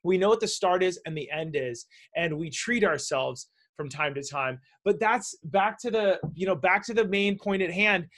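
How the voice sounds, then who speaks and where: High-voiced man telling animated stories. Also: moderate pace, few pauses. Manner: animated, acts out quoted voices. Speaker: show host. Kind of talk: conversational storytelling interview.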